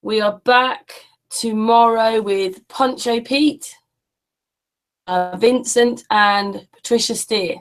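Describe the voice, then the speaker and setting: A woman's voice: on the high side, fairly even intonation, takes it slowly. A woman co-hosting a casual online show, chatting and thanking viewers as she signs off. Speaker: co-host. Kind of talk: casual chat wrapping up a stream.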